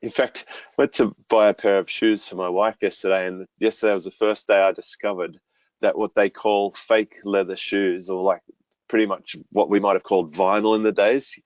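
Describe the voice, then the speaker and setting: A man being interviewed as a business coach, talking in a relaxed way and explaining ideas through homely stories and analogies. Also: lowish voice, moderate pace, no room sound, poor audio. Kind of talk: conversational podcast interview.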